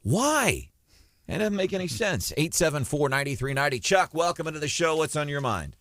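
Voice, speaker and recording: A man hosting a talk radio show, opinionated and animated. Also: fairly high pitch, moderate pace, no room sound, studio quality. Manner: opinionated, animated, takes calls. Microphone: studio microphone.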